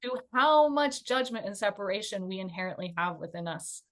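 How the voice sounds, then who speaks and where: A chatty woman co-hosting a spiritual panel discussion. She talks in an animated, conversational flow at a mid pitch, full of fillers and small giggles. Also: brisk.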